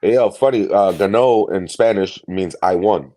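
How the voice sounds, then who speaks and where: Very deep mellow male co-host. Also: moderate pace. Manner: relaxed, agreeable banter. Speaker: podcast co-host. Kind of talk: live fantasy football advice show.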